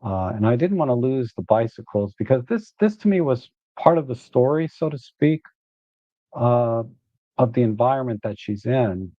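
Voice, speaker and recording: A man hosting a live photo editing walkthrough, relaxed and thinking aloud as he works. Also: medium pitch, moderate pace, no echo, lo-fi sound.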